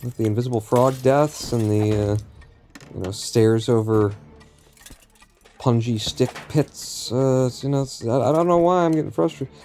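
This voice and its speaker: A man's voice: medium pitch, a little slow, warm tone, soft background music. A man streaming a game live, talking to himself and the game in a rambling, profane way. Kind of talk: live gameplay commentary.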